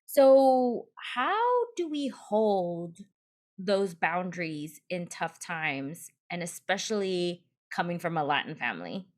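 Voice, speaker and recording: A woman's voice: fairly low pitch, expressive, slow. A woman hosting a podcast in casual chat, conversational and laughing often. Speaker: podcast host.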